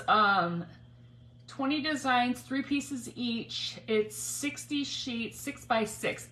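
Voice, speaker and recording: A woman's voice: fairly high pitch, sharp tone, slight background noise. Chatty woman crafting in a roomy room. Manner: chatty, rambling, greets viewers by name. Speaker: craft livestream host. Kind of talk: casual crafting livestream chat. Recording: roomy home recording with faint ambience.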